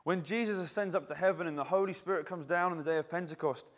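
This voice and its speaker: A man's voice: fairly high pitch, fast. A male preacher giving a conversational, reflective sermon, often restarting his phrases.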